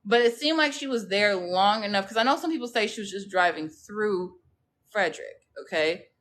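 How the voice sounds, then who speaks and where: A woman's voice: mid-range voice, expressive, moderate pace, fairly bright tone. A woman talks to her live viewers in a loose, gossipy way, full of slang and asides. She keeps checking in with them as she goes, like she's catching up with friends. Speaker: true crime livestream host. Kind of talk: casual chat with live viewers.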